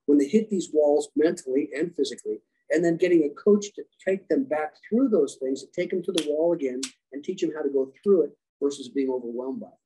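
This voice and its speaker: A man who is a leadership coach and former special operations rescuer, giving animated storytelling answers in a podcast interview and acting out dialogue. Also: fairly high pitch, brisk, hardly any pauses, husky, poor audio. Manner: animated, acts out quoted dialogue. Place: podcast conversation.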